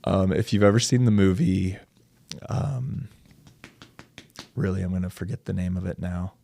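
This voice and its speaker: An American man with a deep, gravelly, mellow voice speaks at a moderate pace, with slight background noise in the recording. As a podcast guest, he goes on at length about a candid personal story, acting out the dialogue and saying "dude" and "like."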